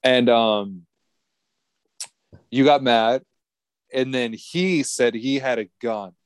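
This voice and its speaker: A man's voice: mid-range voice, takes it slowly, clean tone, no room sound. A man in his twenties telling a rambling story in a casual podcast chat, swearing and laughing often. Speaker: podcast co-host.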